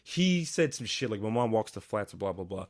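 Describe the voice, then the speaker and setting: A man hosting a casual solo podcast, recapping a TV episode in a rambling, profane way with animated outbursts. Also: fairly low pitch, moderate pace, no room sound, clean studio sound.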